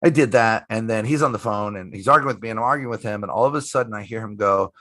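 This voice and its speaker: A man's voice: lowish voice, fast, few pauses, fairly bright tone, no room sound. A middle-aged man from the United States, a magician guest, telling a story emphatically, swearing, and repeating himself as he talks. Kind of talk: casual interview storytelling.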